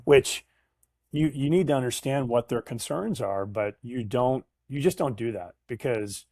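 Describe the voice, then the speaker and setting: Animated middle-aged man telling sales stories. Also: medium pitch, a little slow. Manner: animated storyteller, acts out quoted voices. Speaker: guest, sales professional. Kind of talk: casual storytelling interview.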